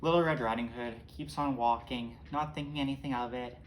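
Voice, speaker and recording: A man retelling a fairy tale in a relaxed, informal way with small restarts. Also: medium pitch, fairly quick, a little hiss or hum. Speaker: storyteller. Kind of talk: casual storytelling.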